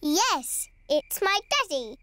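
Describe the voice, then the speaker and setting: A woman's voice: very high voice, big pitch swings, slow pace, sharp tone, full character voice. A woman voicing a cheerful little girl sheep in a cartoon, chirpy and chatty. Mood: playful. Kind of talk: cartoon voice acting.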